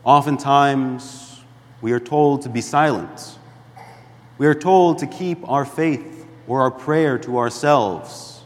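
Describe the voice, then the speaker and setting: Slow-preaching priest in a reverberant church. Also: male voice, mid-range voice. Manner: slow, deliberate preaching with emphatic rises and hushed drops. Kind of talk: sermon.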